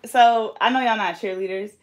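A woman's voice: mid-range voice, moderate pace, dull audio. Laid-back Bay Area woman chatting. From California. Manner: laid-back and slangy, teasing. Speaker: hair braider and vlog host. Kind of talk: casual chat while braiding.

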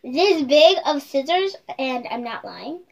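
A woman's voice: high-pitched, lively intonation, a little slow, vocal fry. A young girl chatting casually in a home vlog, giggling and talking over her sibling. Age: child. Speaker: vlogger. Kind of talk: casual chat.

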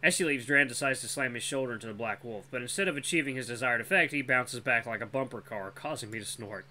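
Storyteller, first-person fantasy narration, casual, expressive, bright tone. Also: mid-range voice, fast, a little hiss or hum. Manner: casual, expressive reading with self-corrections. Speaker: storyteller, channel host.

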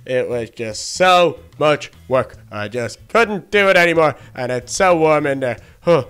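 A man's voice: fairly high pitch, lively intonation, measured pace, fairly bright tone, clean tone. A man voicing a childlike male baby duck in a Minecraft role-play, chattering to himself and easily flustered. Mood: weary pleading. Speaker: fast-food worker in a game role-play.

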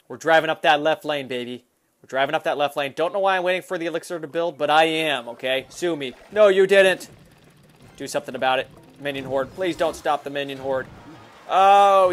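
A man giving excited, fast commentary while playing a mobile game, reacting loudly to every move. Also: a little high. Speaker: gaming YouTuber. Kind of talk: excited live gameplay commentary.

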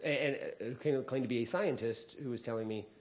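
A man's voice: mid-range voice, fairly quick. A middle-aged comedian giving a talk, telling stories and acting out the voices of people he quotes, often repeating words as he restarts. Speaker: comedian speaking to a society. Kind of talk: storytelling talk with acted quotes.

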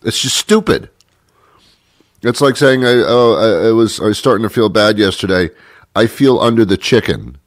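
A man's voice: on the low side, normal speed, no echo, studio quality. A man hosting a radio show, talking in a rambling, jokey monologue while congested with a cold.

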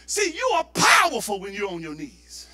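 A man preaching a fervent Pentecostal sermon, rising into shouted, impassioned delivery. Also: high voice, wildly swooping pitch, normal speed. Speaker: pastor. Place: church sanctuary.

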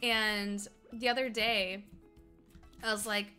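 Bright, chatty young woman streamer. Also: mid-range voice, level tone, slow pace, faint music behind. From Colorado. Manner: chatty and giggly, slips into mock accents. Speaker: livestreamer. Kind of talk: casual chat while gaming and reading chat.

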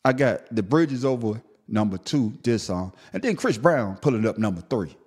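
A man hosting a podcast, giving an animated solo commentary that swings between a low grumble and high-pitched outrage, often stammering. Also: normal speed. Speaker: podcast host.

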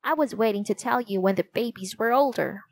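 A woman's voice: a little high, fairly quick. A woman voicing an earnest young boy who loves watching falcons.

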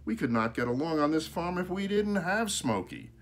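A man's voice: fairly high pitch, sing-song, normal speed, pitched above the performer's own voice. A man voicing a farmer father who speaks plainly and earnestly. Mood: calm. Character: hardworking farmer father, steady and kind.

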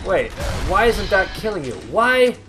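A man's voice: sits high, very animated, a little slow. A young man giving casual let's-play commentary, confused and exasperated while talking to his viewers. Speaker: gameplay commentator. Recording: game music playing behind.

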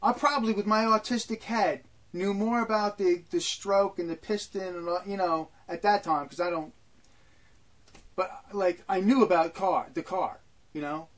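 High-voiced older man telling stories. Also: steady tone, moderate pace. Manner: rambling, repetitive, frequent asides. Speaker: storyteller. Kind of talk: personal storytelling.

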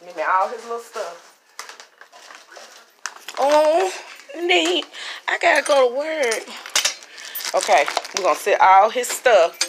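A woman's voice: fairly high pitch, sing-song, slow, long pauses, background noise. A middle-aged woman, chatting casually to her viewers at home. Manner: chatty, talks to viewers as y'all. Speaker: vlogger. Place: living room at home.

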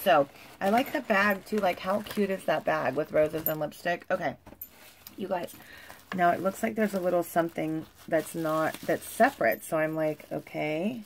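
Gushing, chatty woman vlogger, slightly low voice. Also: moderate pace, a little hiss or hum. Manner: chatty and gushing, full of "like" and "you guys". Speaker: lifestyle vlogger. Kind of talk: casual chat to camera. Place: at home.

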